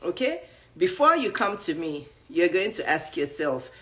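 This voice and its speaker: A woman's voice: lowish voice, unhurried. Nigerian woman coach, rhetorical questions. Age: 50s. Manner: animated, asks rhetorical questions and acts out viewers' thoughts. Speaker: dating and image coach. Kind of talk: casual motivational talk to viewers. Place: live stream.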